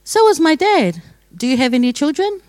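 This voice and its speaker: A woman's voice: sits high, sing-song, moderate pace, a little mellow, no room sound, voice pushed up. A woman voicing a kindly, curious male gatekeeper of heaven who asks questions with eager surprise in a spoken joke.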